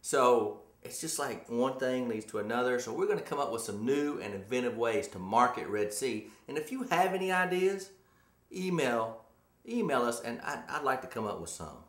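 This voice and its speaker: A man's voice: mid-range voice, very animated, normal speed. A man hosting a casual talk show, telling rambling stories and teasing his co-host. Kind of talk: casual chat. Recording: echoey room.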